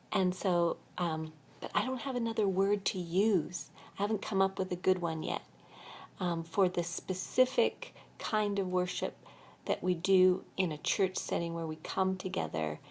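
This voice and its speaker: An older woman telling her life story in a soft, half-whispered voice, a little weary, in a quiet room at a retreat center. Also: on the low side, a little hiss or hum. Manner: speaking softly, half-whispering to keep quiet. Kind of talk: personal storytelling vlog.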